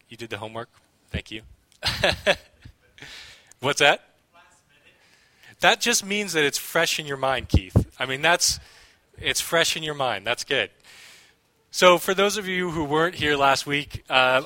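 A man preaching a relaxed, joking sermon to his congregation, reading scripture aloud. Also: mid-range voice, no echo. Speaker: pastor.

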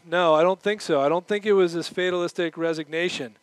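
Male pastor preaching, middle-aged, lively and animated, slightly high voice, dry close mic. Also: fast talker, few pauses, clean tone, dry recording, rough recording. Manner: animated, acts out quoted voices; moves around while preaching. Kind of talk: sermon.

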